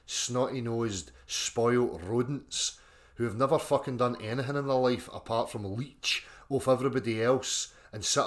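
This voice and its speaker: A Scottish man hosting a livestream, reading out chat and mocking his critics in a sweary, combative rant. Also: medium pitch.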